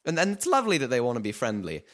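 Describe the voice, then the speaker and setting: A man's voice: mid-range voice, wildly swooping pitch, racing, a bit bright. A man on a podcast airing his complaints in casual chat, rambling and hedging with "you know".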